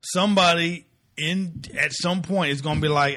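A man's voice: fairly high pitch, fairly even intonation, moderate pace, pushed and bright. A man in casual chat as a podcast co-host, talking in slang and acting out the lines of the people he quotes.

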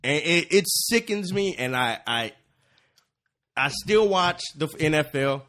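A man's voice: fairly high pitch, lively intonation, takes it slowly, fairly bright tone. A man co-hosting a sports podcast, talking casually with stammered restarts. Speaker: podcast co-host.

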